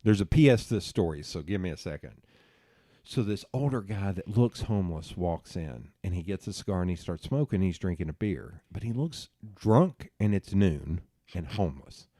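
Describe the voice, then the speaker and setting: A middle-aged man, hosting a podcast and telling animated stories with plenty of swearing and laughter at himself. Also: sits low, moderate pace, dry recording, studio quality. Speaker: podcast host. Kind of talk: casual storytelling chat.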